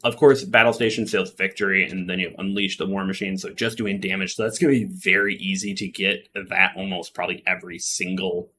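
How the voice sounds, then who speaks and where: A man's voice: low-pitched, fairly even intonation, a little fast, hardly any pauses, pushed and bright, slight background noise. A man with a Midwestern accent, casually chatting and explaining on a game stream, with lots of fillers. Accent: Midwestern American.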